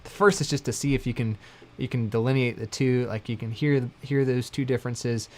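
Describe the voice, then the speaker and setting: A man giving a casual livestream mandolin lesson, talking in a relaxed, rambling way and correcting himself often. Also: mid-range voice, fairly quick. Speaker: mandolin teacher. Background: mandolin playing between phrases.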